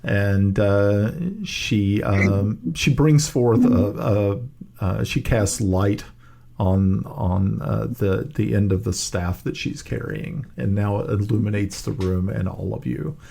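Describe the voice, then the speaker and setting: A man running a tabletop game as dungeon master, narrating slowly with many pauses and fillers. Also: lowish voice, creaky, dark tone.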